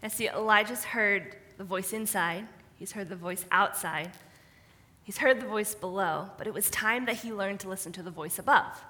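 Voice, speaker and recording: A woman with a bright, forceful voice co-leads a sermon in a church sanctuary, with long reverb around her. She lays out her points as short lists and backs up her partner with quick affirmations. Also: mid-range voice. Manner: affirming, list-like delivery. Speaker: pastor. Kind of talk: co-led sermon.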